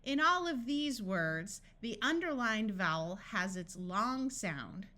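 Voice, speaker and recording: A woman narrates a scripted phonics lesson at a very unhurried pace. Her voice is bright and forward, and she pronounces each sample word distinctly with a pause after it. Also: mid-range voice, lively intonation. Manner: slow, clearly enunciated word-by-word reading. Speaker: phonics tutor.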